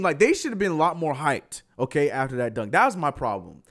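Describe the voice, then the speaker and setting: A man co-hosting a casual sports podcast, talking in an animated, excitable way and often repeating himself. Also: fairly high pitch, a little fast. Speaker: podcast co-host.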